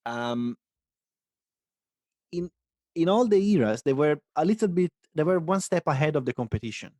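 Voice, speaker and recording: A man's voice: a little high, expressive, normal speed, a little mellow, no room sound. A man co-hosting a casual talk show, musing aloud and hesitant, often restarting his sentences. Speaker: podcast co-host. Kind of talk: casual chat.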